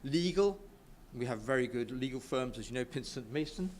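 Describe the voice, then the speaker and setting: A man's voice: medium pitch, expressive, normal speed, a little hiss or hum. Enthusiastic British man giving a speech. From United Kingdom. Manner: enthusiastic, stumbles and restarts often. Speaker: speaker at a business networking event. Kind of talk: informal speech to an audience. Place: event room with a live audience.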